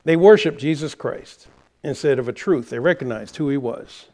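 A man preaching a sermon as pastor, with passionate delivery that builds to shouting. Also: medium pitch, moderate pace. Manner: impassioned preaching, rising to shouts.

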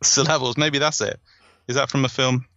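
A man's voice: medium pitch, fairly even intonation, moderate pace, pushed and bright, dry recording, muffled recording. A man hosting a podcast in casual chat, digressive and self-mocking, often laughing at himself. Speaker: podcast host and author.

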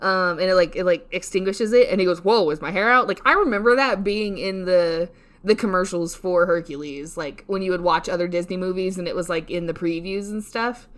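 A woman's voice: fairly low pitch, fairly quick. Young woman podcast cohost, rambly and giggly, swears a lot, talks down on herself, casual chatty vibe. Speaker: podcast co-host. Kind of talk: casual solo podcast rant.

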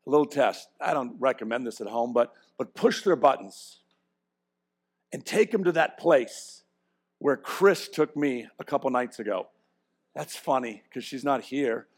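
A middle-aged pastor with a medium-pitched voice delivers a sermon, swinging from quiet, self-deprecating asides to loud, emphatic points. He frequently restarts his sentences.

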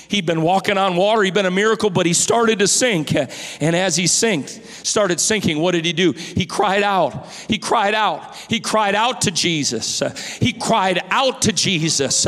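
A male pastor preaching a sermon in a church, impassioned and rising to shouted pleas. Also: high voice, animated, measured pace, in a large hall.

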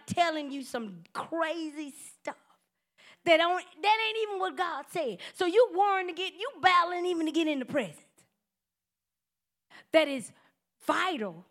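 A woman's voice: high voice, fairly bright tone. A woman preaching a sermon in a conversational, humorous way, speaking straight to her listeners and acting out everyday scenes. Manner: conversational, addresses listeners directly.

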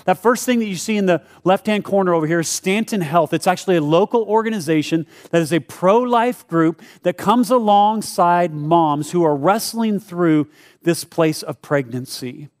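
A man's voice: high-pitched, normal speed. A middle-aged man, a pastor, talking casually and jokingly to his congregation about giving, acting out short prayers. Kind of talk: church giving talk to a congregation. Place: church service before a live congregation.

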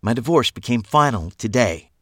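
A man doing a brisk, awkward landlady. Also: mid-range voice, animated, a bit bright, husky, no room sound, clean studio sound, voice pushed up. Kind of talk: audiobook character voice.

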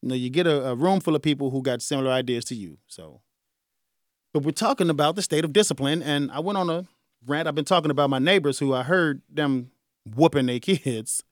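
A man in his forties hosting a radio talk show, speaking in a casual, animated way with frequent chuckles. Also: a little high, fairly quick, no room sound, studio quality. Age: 40s. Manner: animated, conversational, chuckles often. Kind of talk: solo talk radio monologue.

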